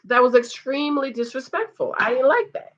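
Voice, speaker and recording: A woman chats through a reality-show recap, animated and quick to mimic the people she talks about. Her voice sits a bit high. The recording sounds dull and lo-fi. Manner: animated, mimics the cast in quotes. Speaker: show reviewer. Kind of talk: casual TV recap.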